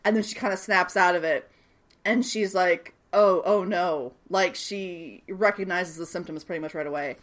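A young woman co-hosting a casual podcast, retelling a TV episode in a lively way and acting out the characters' lines with plenty of swearing. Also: on the low side, normal speed. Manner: animated storytelling, acts out characters' lines, swears and laughs often. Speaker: podcast co-host recapping a TV series. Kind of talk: casual chat.

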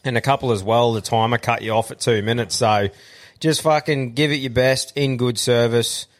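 This is an Australian man hosting a podcast in a relaxed, crude chat. He swears constantly, laughs easily and keeps things easy-going, with a middle-pitched voice. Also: moderate pace. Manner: laid-back, swears freely, laughs often. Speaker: podcast host.

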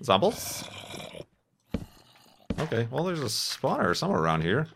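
A man's voice: medium pitch, wildly swooping pitch, moderate pace, creaky, pauses often, noisy background. A man in his thirties chatting casually over gameplay, rambling and self-deprecating, laughing often between thoughts. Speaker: gaming YouTuber.

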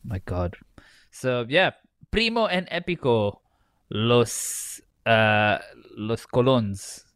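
A man's voice: medium pitch, lively intonation, drawn-out words, a bit bright, clear, resonant tone, no room sound. A man co-hosting a casual podcast, swearing freely, laughing often and trailing off into restarts. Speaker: podcast co-host. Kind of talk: casual chat.

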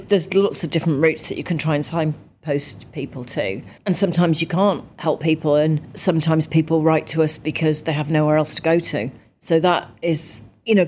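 A woman from the UK, a guest in a conversational interview, chatty and lively when telling stories. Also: low-pitched, slight background noise. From United Kingdom. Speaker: interview guest, parliamentarian and ex-athlete.

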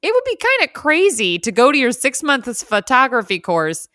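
A woman co-hosting a podcast, chatting casually about a movie, animated and giggly, acting out lines. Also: high voice, moderate pace, no room sound, clean studio sound. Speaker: podcast co-host. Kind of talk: casual chat recapping a movie.

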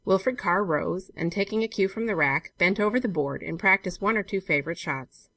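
Bright-toned woman reading a classic story. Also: mid-range voice, moderate pace, no echo. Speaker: volunteer audiobook reader. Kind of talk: scripted narration.

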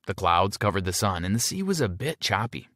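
A man narrating a first-person teen story with an expressive delivery. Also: fairly low pitch, a little fast, no echo, clean studio sound.

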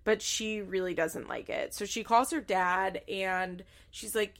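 A young woman casually recapping a reality show, gossipy and quick to laugh, acting out what people said. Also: medium pitch, animated, vocal fry. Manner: gossipy, acts out quotes with laughs. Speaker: recap commentator.

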